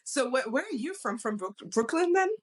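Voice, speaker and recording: A woman hosting a casual interview, attentive and quick to answer with short affirmations. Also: a little high, big pitch swings. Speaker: host. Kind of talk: casual conversation.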